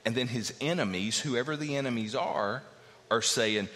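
A man's voice: mid-range voice, normal speed, a bit bright. A man preaching a sermon earnestly, teaching verse by verse and acting out the voices he quotes. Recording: long hall reverb.

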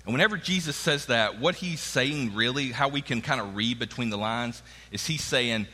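A man's voice: medium pitch, moderate pace, hardly any pauses, pushed and bright, slightly rough, in a large hall. A man preaching a sermon in a conversational way, acting out the quoted lines of the people in his stories. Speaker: pastor.

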